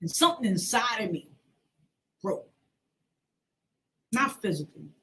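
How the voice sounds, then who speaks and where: Speaking at a measured pace in an expressive mid-range voice with a fairly bright tone, a forties-aged woman host recounts something from her own life. She gets emotional along the way and performs the quoted voices in the story.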